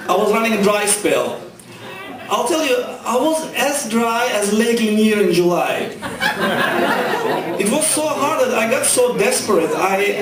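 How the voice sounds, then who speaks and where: A man's voice: high voice, noisy background. Russian-accented man doing club stand-up. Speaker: stand-up comedian. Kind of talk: stand-up comedy set. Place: comedy club stage. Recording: echoey club recorded from a distance. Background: crowd laughter.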